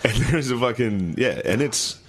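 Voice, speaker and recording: A man's voice: medium pitch, animated, normal speed, breathy edge. A man in crude, laughing podcast banter, telling stories and acting out both sides of the dialogue.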